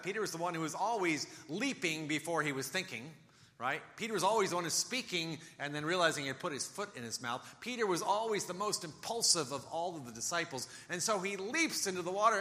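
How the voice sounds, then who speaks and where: A man preaching a sermon, telling the story with animation and acting out quoted lines in a soft, low voice. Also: expressive, a little fast, long reverb tail. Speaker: pastor.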